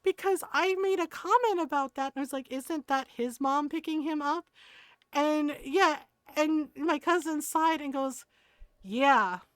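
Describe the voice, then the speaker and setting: A woman casually telling a funny family story to her stream chat, laughing often and acting out the others in lower voices. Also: a little slow, no echo.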